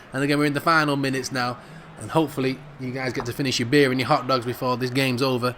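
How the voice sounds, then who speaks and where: A middle-aged man with a Jamaican accent, giving excitable, laughing commentary over a football video game. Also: mid-range voice, slight background noise. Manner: excitable, laughs often, drawn-out shouts over goals. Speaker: gaming commentator. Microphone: studio microphone.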